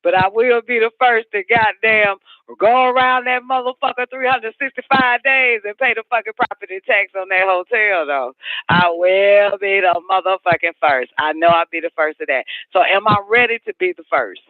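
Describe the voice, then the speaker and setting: A man's voice: high-pitched, normal speed, dry recording. A man hosting a live call-in radio show, rambling on with heavy profanity and emphatic repeats. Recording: dry, phone-like radio sound.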